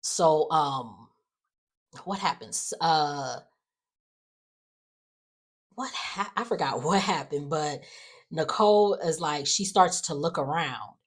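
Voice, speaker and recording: A woman with a low voice chats through a soap opera recap in a loose, rambling way. She keeps slipping into the characters' lines, quoting them with feeling as she retells each scene. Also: lively intonation, takes it slowly, pauses often. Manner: loose and rambling, with frequent "like" and "you know". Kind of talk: casual chat.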